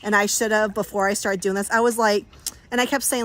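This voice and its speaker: A woman's voice: medium pitch, fairly even intonation, fairly quick, fairly bright tone, slight background noise. Chatty woman livestreaming from a pool. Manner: chatty, laughs often, talks to her dogs. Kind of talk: casual livestream chat. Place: backyard pool, outdoors.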